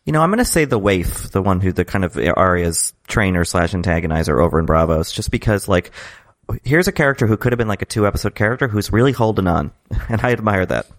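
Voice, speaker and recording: A man's voice: low voice, animated, quick pace. A man co-hosting a casual TV podcast, making wry, dry jokes. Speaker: podcast co-host. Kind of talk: casual pop-culture podcast chat.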